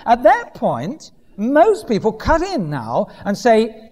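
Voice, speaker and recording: A man preaches with a wildly lively, swooping delivery, slipping in and out of quoted voices with dry humour. His voice rings with a long reverb, as if recorded in a church hall. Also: extremely high pitch, slow, few pauses. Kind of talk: sermon.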